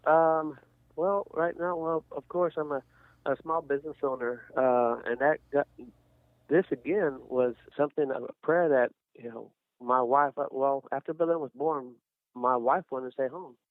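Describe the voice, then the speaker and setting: A man's voice: mid-range voice, moderate pace, no room sound. A middle-aged man sharing a casual faith testimony, rambling with many restarts and fillers. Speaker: guest, small business owner. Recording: dry, tinny phone-like sound.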